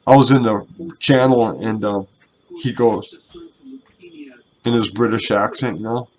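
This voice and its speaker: A young man with a slightly low voice talks casually over his gameplay into a headset mic. He rambles along, pokes fun at himself and swears without a second thought. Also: fairly even intonation, measured pace, a little mellow, poor audio. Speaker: gaming YouTuber and clan member.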